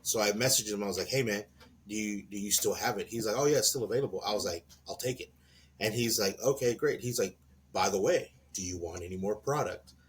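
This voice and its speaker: A man co-hosting a podcast in casual chat, an animated storyteller who laughs often and acts out the people in his stories. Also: on the low side, fast talker, a little hiss or hum. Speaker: podcast co-host.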